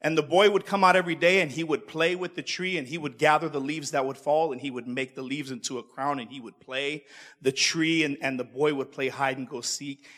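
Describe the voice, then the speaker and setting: A man's voice: a little high, fairly even intonation, brisk, fairly bright tone, in a large hall. A male preacher delivering a sermon, calling out to the congregation and repeating himself as he goes. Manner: call-and-response, stumbling repeats.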